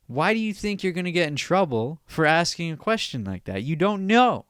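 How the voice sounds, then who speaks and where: Young male podcaster, smooth clear voice, dry close sound, swears and rambles, solo casual rant. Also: fairly high pitch, sing-song, a little fast, hardly any pauses, a bit bright, no room sound. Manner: profane, rambling, repeats himself. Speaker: podcast host.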